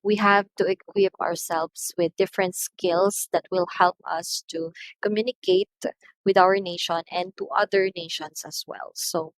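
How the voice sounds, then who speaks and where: Dry-voiced Filipino woman teaching slowly. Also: lowish voice, steady tone, no echo, rough recording. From Philippines. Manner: slow, deliberate, repeats each word to drill it. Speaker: English teacher. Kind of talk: online lesson on English pronunciation.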